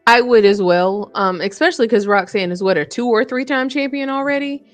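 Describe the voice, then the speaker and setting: A woman's voice: fairly high pitch, a little fast, no echo, faint music behind. A woman co-hosting a podcast, chatting casually and agreeably, easily amused. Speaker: podcast co-host. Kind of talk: casual wrestling predictions chat.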